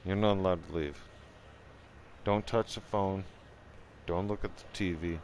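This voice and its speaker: Quiet, firm woman officer as a Canadian man retells her, low and level. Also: fairly even intonation, unhurried, slight background noise. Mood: stern. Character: stern female prison officer handing out punishment.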